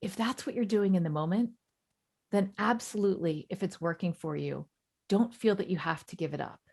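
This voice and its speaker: A woman in her forties, a coach giving a webinar talk in a warm, reassuring, conversational way. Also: medium pitch, normal speed, creaky, slightly rough. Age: 40s.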